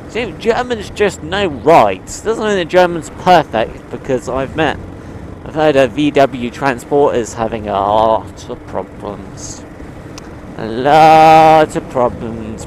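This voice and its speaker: A man from the UK giving a casual vlog monologue, animated and swearing, with his voice jumping between high and low. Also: a little hiss or hum. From United Kingdom. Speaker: motovlogger.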